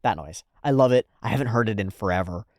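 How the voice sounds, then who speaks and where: A man hosting a casual anime reaction, thinking aloud with fillers, laughing often and breaking into loud, high-pitched exclamations. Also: animated, fast, dry recording, clean studio sound.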